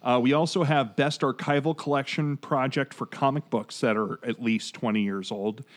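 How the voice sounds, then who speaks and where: A man's voice: mid-range voice, fairly even intonation, normal speed. A man in his forties hosting a podcast, chatting casually and digressing as he reads out award winners. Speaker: podcast host.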